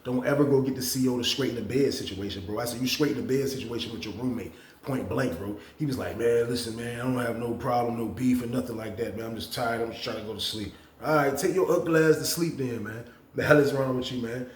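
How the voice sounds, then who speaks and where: A man hosting a casual storytime, animated and profane, talking straight to his viewers. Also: mid-range voice, fast, echoey room, slight background noise. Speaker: storytelling channel host. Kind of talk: casual storytime about prison.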